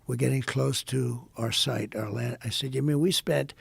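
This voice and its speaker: An older man from the United States, a podcast guest, telling a rambling, repetitive story and acting out quoted dialogue in a hushed voice. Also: medium pitch, fairly even intonation, normal speed, vocal fry, slightly rough, dry recording. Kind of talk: casual storytelling in an interview.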